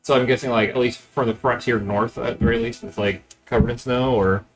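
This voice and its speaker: A man playing a tabletop game, asking the game master questions in quick, halting bursts. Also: mid-range voice, fairly even intonation, soft background music, poor audio. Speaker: player. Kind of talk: casual chat at a game table.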